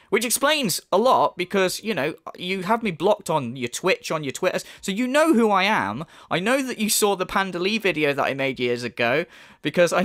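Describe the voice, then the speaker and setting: A man's voice: high-pitched, fairly bright tone, no room sound, studio quality. A man giving an angry, sarcastic commentary full of swearing and mockery. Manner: profane, mocking, sarcastic rant. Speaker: YouTube commentator.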